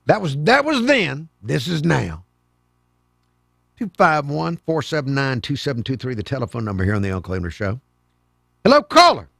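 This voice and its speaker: An older man runs a call-in radio show, full of wry, sarcastic asides. His voice sits a bit high, swings widely in pitch, and carries a gravelly fry. The sound is close and dry. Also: sing-song, normal speed, fairly bright tone, no echo. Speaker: radio talk show host.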